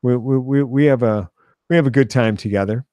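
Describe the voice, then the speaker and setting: A man's voice: medium pitch, fairly quick, warm tone, no echo. A middle-aged man hosting his own podcast, rambling through stories in a dry, offhand way with small laughs. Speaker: podcast host. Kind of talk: rambling storytelling monologue.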